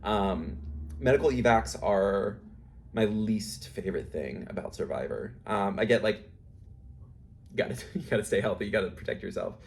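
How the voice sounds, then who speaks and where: A man's voice: on the low side, expressive, moderate pace, vocal fry, darkish tone. Chatty man recapping with many fillers. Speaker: host. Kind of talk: casual recap commentary.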